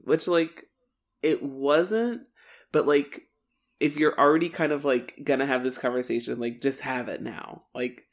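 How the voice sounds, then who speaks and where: A woman's voice: extremely low pitch, measured pace. A woman co-hosting a podcast, retelling an episode in casual chat and acting out the characters' lines with laughs. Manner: chatty storytelling, acts out characters' lines, laughs. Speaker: podcast co-host. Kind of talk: casual episode recap narration.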